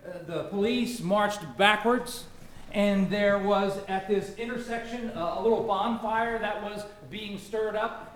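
A man with a fairly high voice delivers a sermon from the pulpit. He speaks earnestly and builds to impassioned, questioning outbursts. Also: reverberant. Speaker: pastor. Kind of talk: sermon with opening prayer.

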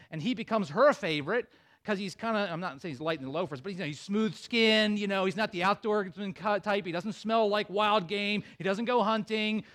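A male pastor with a high, bright-sounding voice delivers a sermon. He tells the story with energy and drama, breaking off for playful asides to his listeners. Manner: animated storytelling with asides to the congregation.

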